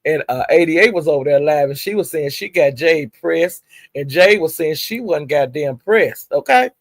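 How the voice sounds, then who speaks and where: A woman's voice: low-pitched, lively intonation, moderate pace, no echo, studio quality. A woman casually recounting gossip, chatty and profane with laughing asides. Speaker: gossip vlogger.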